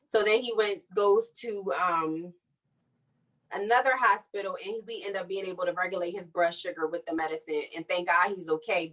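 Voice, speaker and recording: A young woman telling her personal story on a podcast, candid and animated, acting out what others said. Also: mid-range voice, far from the mic, low-quality recording. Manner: candid, animated retelling with quoted dialogue. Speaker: podcast co-host.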